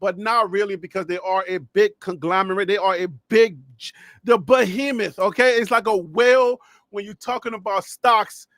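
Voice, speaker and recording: A man's voice: high-pitched, normal speed, dry recording. A man hosting a live sports talk show, rambling and correcting himself as he gives his take. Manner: rambling, self-correcting, animated asides. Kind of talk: live reaction commentary.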